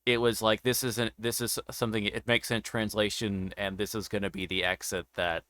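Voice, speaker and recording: A man in casual conversation, explaining things in a relaxed way and thinking out loud as he goes. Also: on the low side, moderate pace, smooth, dry recording, clean studio sound. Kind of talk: casual chat.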